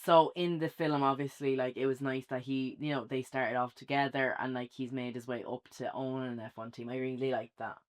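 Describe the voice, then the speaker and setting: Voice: medium pitch, steady tone, fairly quick, few pauses. An Irish speaker co-hosting a casual film review, chatty and rambling with many fillers.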